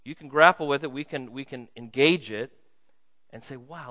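A male pastor preaching a sermon in a pleading way, dropping to a hush and rising to loud appeals. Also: medium pitch, normal speed. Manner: pleading, swings from hushed to loud. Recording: muffled sound with long hall reverb.

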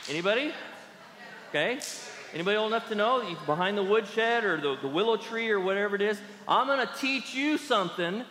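A pastor giving an animated sermon, often acting out the people he quotes. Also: high voice, fast talker, big-room sound. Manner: animated, acts out quoted voices in character.

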